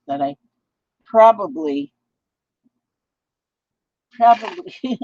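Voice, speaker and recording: Slow, chatty Midwestern woman crafting. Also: a little high, no echo. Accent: Midwestern American. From Minnesota, US Midwest. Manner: rambling, playful, chatty. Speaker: craft vlogger. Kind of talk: casual chat while crafting, reading viewer comments. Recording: dull lo-fi home recording.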